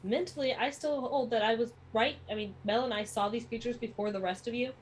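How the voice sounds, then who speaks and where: A woman playing a tabletop game, chatty and quick to giggle. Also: on the high side, a little hiss or hum. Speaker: player. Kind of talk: casual tabletop play.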